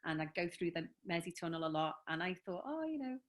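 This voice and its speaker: A woman's voice: low voice, little pitch movement, quick pace. A woman with a Liverpool accent, chatting enthusiastically as a guest author on a video call, with lots of fillers. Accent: Liverpool (Scouse). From Liverpool, England. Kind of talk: casual interview chat.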